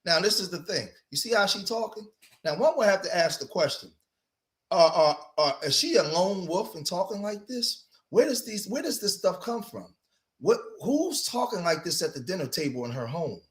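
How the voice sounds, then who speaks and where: Dude doing a reaction stream, gets loud and fired up, talks to y'all. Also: male voice, high-pitched, moderate pace. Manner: animated, rising to loud emphatic outbursts, addresses viewers as y'all. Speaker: commentary host. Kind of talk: casual reaction commentary.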